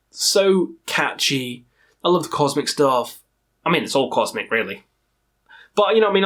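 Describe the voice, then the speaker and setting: A man with a tired, strained throat talks excitedly through his favourite metal bands in a casual vlog, swearing often and rambling as he goes. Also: medium pitch. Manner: profane, enthusiastic, rambling. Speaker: metal music reviewer.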